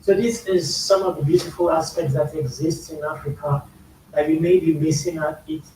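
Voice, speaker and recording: Man, Nigerian accent, mellow tone, patient explaining, echoey room, faint hiss. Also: fairly high pitch, fairly even intonation, normal speed, far from the mic. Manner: explains slang patiently, repeats phrases for emphasis. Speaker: YouTube music reaction host. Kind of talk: casual explanatory commentary.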